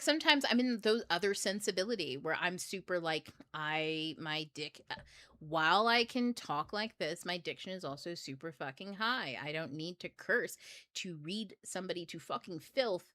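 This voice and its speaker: Middle-aged woman, casual blunt host who curses and laughs a lot; bright, edgy tone, dry recording. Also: fairly low pitch, dry recording. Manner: blunt, profane, laughs often. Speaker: book club host. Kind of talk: casual livestream talk.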